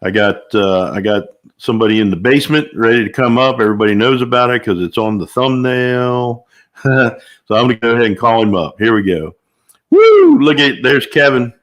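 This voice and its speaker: Speaking briskly in a mid-range voice, this older man hosts a casual livestream chat and calls out viewers' names in quick succession. He's cheerful and chatty, letting out excited whoops between hellos.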